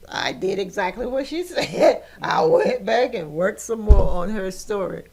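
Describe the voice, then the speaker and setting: A woman's voice: medium pitch, animated, a little slow, creaky, darkish tone, breathy edge. An older woman hosting a podcast, telling a personal story with emotion and laughter. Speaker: podcast host.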